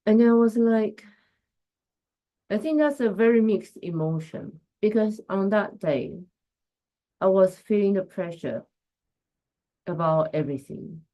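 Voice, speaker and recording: A woman's voice: medium pitch, expressive, unhurried, long pauses, mellow. A woman hosting a casual live stream as a coach, talking reflectively and greeting viewers by name. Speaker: host and coach.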